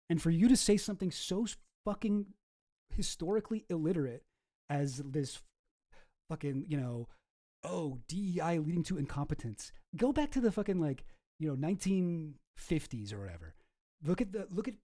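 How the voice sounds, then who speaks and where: A man's voice: fairly high pitch, dark tone. A man from Canada, hosting a casual reaction commentary and ranting profanely with frequent restarts. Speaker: commentary host.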